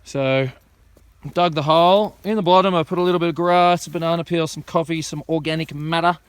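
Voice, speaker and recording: A man's voice: fairly high pitch, a little fast, clean tone, no echo. A man chatting casually as he explains his work outdoors in a vlog. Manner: relaxed, chatty explaining while working outdoors. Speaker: vlogger planting trees. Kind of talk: casual show-and-tell vlog. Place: outdoors on hilly rural land.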